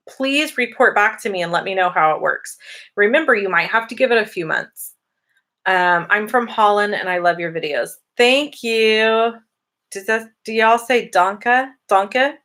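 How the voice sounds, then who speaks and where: A woman hosts a casual live-stream Q&A, chatty and upbeat as she reads viewer comments aloud and answers them. Her voice is medium-pitched and a bit bright.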